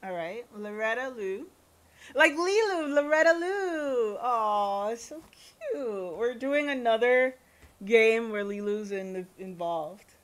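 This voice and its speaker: A woman in her thirties streams a game and chats casually as she plays. Her speech is slow and unhurried, mid-pitched, giggly, and full of talking to herself. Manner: chatty, giggly, self-talking. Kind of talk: casual gameplay commentary.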